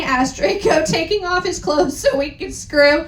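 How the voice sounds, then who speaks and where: A woman's voice: very high voice, a little slow. Giggly tipsy woman reading aloud live. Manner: giggly, cursing asides. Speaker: dramatic reader. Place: live event venue. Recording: roomy echo.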